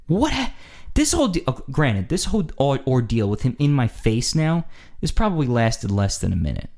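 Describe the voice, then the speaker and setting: Animated man telling a story. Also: medium pitch, brisk. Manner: animated, acts out quotes, laughs often. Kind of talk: casual storytelling.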